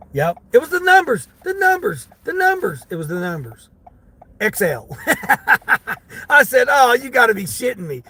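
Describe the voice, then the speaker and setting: High, bright-voiced man laughing as he chats. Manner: laughing, animated, talks to viewers by name. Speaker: delivery driver vlogger. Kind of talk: casual storytelling while driving. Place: in a car.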